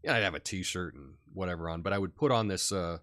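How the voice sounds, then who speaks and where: A middle-aged American man talks casually on his live stream, reading out comments between easy laughs and filler words. His voice sits a little low. The sound is dry and close, with no room echo. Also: fast. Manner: relaxed, chatty, laughs often, many fillers. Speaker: live show host.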